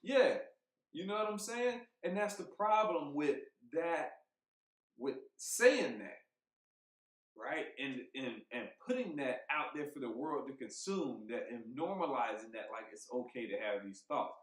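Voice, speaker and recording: A man co-hosting a podcast, talking in a heated, emphatic way, swearing freely and thinking out loud with restarts. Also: medium pitch, very animated, unhurried. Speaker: podcast co-host. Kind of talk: casual podcast chat. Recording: roomy echo.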